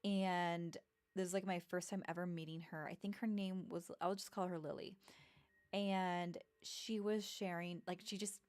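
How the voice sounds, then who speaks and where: A woman's voice: lowish voice, fairly even intonation, moderate pace, a little mellow. A woman in her thirties telling personal stories in a rambling, casual way, with many fillers and restarts. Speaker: vlogger. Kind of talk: casual storytelling.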